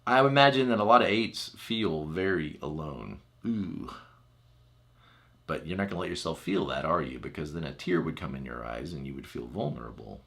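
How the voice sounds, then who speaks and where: A man's voice: extremely low pitch, moderate pace, vocal fry. A man teaching as a personal growth coach in a chatty, conversational way, often checking in with the listener. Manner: chatty, asks the listener "right?"; acts out example phrases in lively voices. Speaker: relationship coach.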